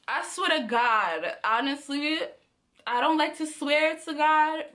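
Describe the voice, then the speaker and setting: A young woman from the Caribbean, a vlogger telling a story in casual, slangy, animated talk. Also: high-pitched. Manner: animated, slangy, laughs often.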